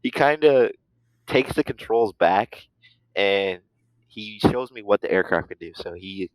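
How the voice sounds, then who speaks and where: A young man in his twenties with a low voice, talking loosely as a podcast guest and filling pauses with ums and likes. His voice sounds close and dry, with almost no room around it. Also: expressive, no echo, poor audio. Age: 20s. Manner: easygoing, rambling, with many fillers. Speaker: guest, student pilot. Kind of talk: casual interview chat.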